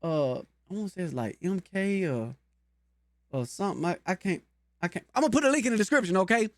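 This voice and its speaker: A talkative man with a runs a casual guitar lesson and chats with his viewers in a folksy way. His voice sits high for a man. The sound is dry and close, with no room echo. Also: expressive, brisk. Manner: chatty, folksy and talkative, addresses viewers directly. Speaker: guitar teacher and channel host.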